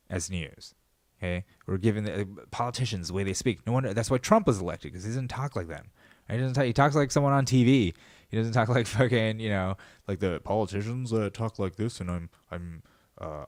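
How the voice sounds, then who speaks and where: A man with a lowish voice delivers a profane, rambling solo rant. He keeps restarting his sentences and veering into asides. The sound is dry and close, with no room echo. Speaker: podcast host. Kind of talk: casual solo monologue.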